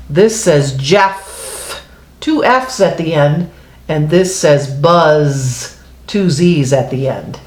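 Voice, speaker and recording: A woman's voice: deep voice, reverberant. A woman teaching a reading lesson to young children, patient and sing-song, showing pages as she explains. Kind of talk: early-grade phonics lesson.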